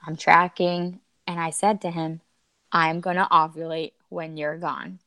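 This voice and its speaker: A woman in her thirties tells a personal story as a podcast guest, animated and emotional, laughing now and then. Her voice sits a little low. The sound is dry and close. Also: a little slow, clean tone, no echo. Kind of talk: candid storytelling.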